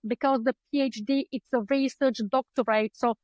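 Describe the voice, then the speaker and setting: Speaking over a video call from a home room full of books, a clinical psychologist with an Eastern European accent guests on a podcast. Her high voice is steady and a little mellow at a moderate pace, and the poor-quality audio has no room sound. Chatty and filler-heavy, she narrates her story and voices her own past thoughts.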